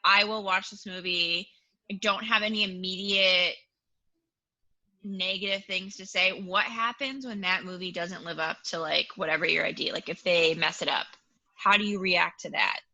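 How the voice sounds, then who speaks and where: Bright-voiced woman asking questions. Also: lowish voice, steady tone, moderate pace, low-quality recording. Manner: asks probing follow-up questions. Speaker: podcast co-host. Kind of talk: casual chat.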